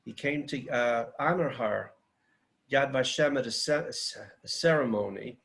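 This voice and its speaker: A man's voice: mid-range voice, unhurried, vocal fry, fairly bright tone, low-quality recording. A man speaking at a seminar in a fiery, declamatory, rhetorical way. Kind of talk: impassioned seminar talk.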